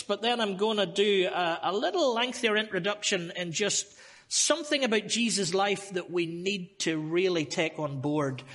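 A Northern Irish man preaches as a visiting speaker, his voice high and bright with a forceful edge. He talks to the congregation in a chatty, humorous way before settling into his sermon. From Northern Ireland. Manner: humorous, chatty opening asides. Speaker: guest preacher.

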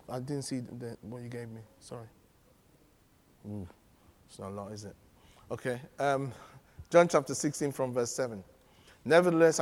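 A man preaching a sermon, animated and humorous, often laughing as he teaches. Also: on the high side. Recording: long reverb of a large hall.

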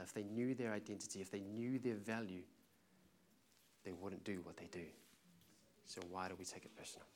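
A man preaching a sermon with passion and emphasis, telling a story to make his point. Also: fairly low pitch.

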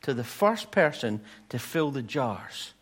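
A man's voice: medium pitch, sing-song, takes it slowly, breathy edge, heavily acted. A man playing a patient kindly dad.

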